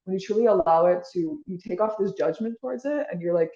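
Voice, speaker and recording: A woman's voice: on the low side, fast, few pauses, mellow, reverberant, dull audio. A woman being interviewed, talking in a casual, rambling way with lots of "like" and restarts. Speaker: podcast guest.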